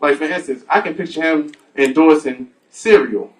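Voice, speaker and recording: A man's voice: a little high, moderate pace. A man doing a stand-up comedy set on a club stage, crude and playful with the audience. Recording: distant mic with music behind.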